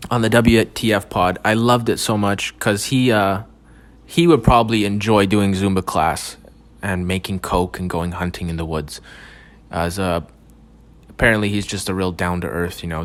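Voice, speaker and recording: A young man hosting a casual solo podcast, rambling and swearing freely with lots of stumbling restarts. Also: on the low side. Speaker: podcast host.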